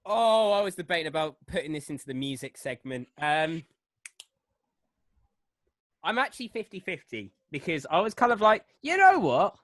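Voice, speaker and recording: Animated young podcast co-host. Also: medium pitch, normal speed, long pauses, dry recording. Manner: animated, laughs a lot. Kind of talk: casual chat.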